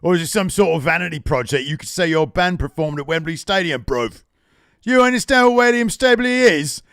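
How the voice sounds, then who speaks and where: A man's voice: fairly high pitch, animated, fairly quick, a bit bright, clean tone, no echo, clean studio sound, voice pushed up. A man putting on a to play a cocky, boastful male wrestler.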